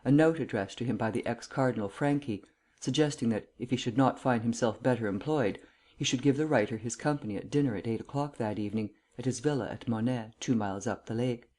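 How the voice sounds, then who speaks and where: A man reading an audiobook aloud in measured, unhurried scripted narration. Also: medium pitch, a little mellow.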